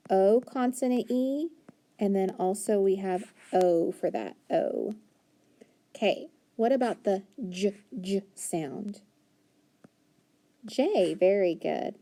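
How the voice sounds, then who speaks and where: Leading a phonics lesson for little kids, a patient, encouraging woman slowly sounds out letters and words. She speaks at a medium pitch with a warm tone.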